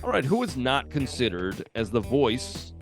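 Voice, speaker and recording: A man's voice: mid-range voice, very animated, moderate pace, music in the background. A man co-hosting a podcast, chatting casually, joking, laughing often and swearing. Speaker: podcast co-host. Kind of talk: casual chat.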